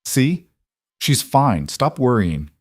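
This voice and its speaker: A man's voice: mid-range voice, very animated, slow, darkish tone, husky, no room sound, studio quality, pitched above the performer's own voice, full character voice. A man voicing a bitter, dismissive divorced mother who snaps her lines curtly. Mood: sharp dismissive. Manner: snappish, curt.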